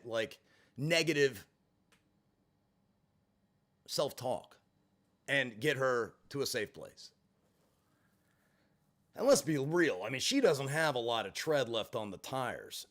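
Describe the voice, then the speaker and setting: A man casually telling a story on a livestream, animated and profane, acting out the voices of the people he quotes. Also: medium pitch. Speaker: livestream host.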